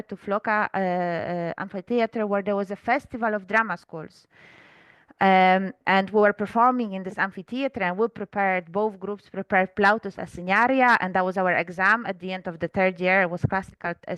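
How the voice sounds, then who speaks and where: A woman from Poland speaks English, working through her ideas slowly and pausing on fillers. Her voice is smooth and resonant. The recording is dry, with no room sound. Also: medium pitch, a bit bright, no room sound, dull audio. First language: Polish. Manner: thoughtful, hesitant, many fillers. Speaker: guest author. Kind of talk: reflective conversational interview.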